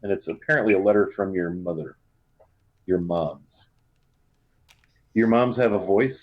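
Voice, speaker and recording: Guy gm narrating a campaign, lowish voice, um-heavy, kinda muffled audio. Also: normal speed, no echo. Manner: loose, filler-heavy description. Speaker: game master. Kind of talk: narrating a tabletop game. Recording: dull lo-fi sound.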